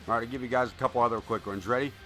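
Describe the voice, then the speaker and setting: A mid-pitched man doing live wrestling play-by-play who keeps wandering into casual, rambling chat. His delivery is excitable and loose, with the odd curse. Music plays clearly underneath his voice. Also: racing. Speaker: streamer commentating a wrestling game. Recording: music playing behind.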